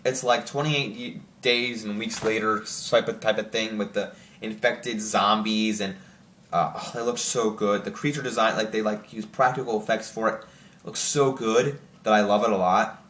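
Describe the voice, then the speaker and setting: A young man chatting casually to camera as host, excited and rambling with lots of filler words. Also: fairly low pitch, moderate pace. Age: young adult. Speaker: channel host ranking TV shows. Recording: roomy echo.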